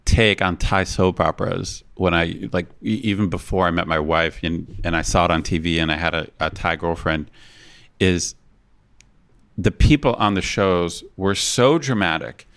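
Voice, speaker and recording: A man's voice: sits low, fairly even intonation, normal speed, fairly bright tone. A man co-hosting a casual podcast, talking in a thoughtful, hesitant way with many restarts. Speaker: podcast co-host.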